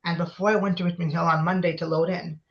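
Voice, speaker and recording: A man in his twenties, a guest in an emotional conversational interview, speaks with passion and insistence and keeps repeating his points. His voice is a little high and fast with a flat delivery, captured in dull lo-fi audio.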